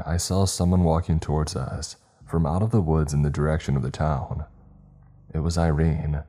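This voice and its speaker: A man narrating a first-person horror story in a steady, measured, scripted delivery. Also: very deep voice. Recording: faint music behind.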